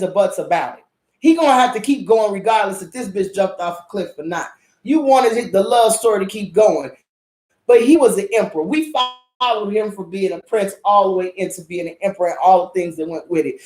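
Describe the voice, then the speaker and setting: A woman's voice: medium pitch, a little mellow. A woman host reviewing a drama in a casual, blunt rant, swearing heavily and repeating herself for emphasis. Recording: echoey room.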